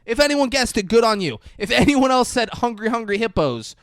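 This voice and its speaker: A man's voice: extremely high pitch, a little fast, no echo. A man co-hosting a podcast, retelling a film scene by scene in casual chat, acting out lines and swearing. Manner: animated, acts out scenes, swears. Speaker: podcast co-host. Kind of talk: casual movie recap chat.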